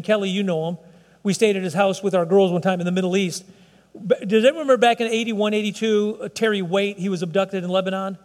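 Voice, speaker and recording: A man's voice: high-pitched, big-room sound. A man preaching a sermon, talking with the congregation and asking them questions. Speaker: pastor. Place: church, broadcast service.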